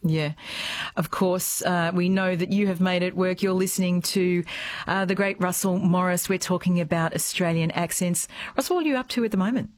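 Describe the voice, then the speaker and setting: A woman's voice: fairly low pitch, steady tone, moderate pace. A woman hosting a radio interview, asking conversational questions into a close studio microphone. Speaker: radio host.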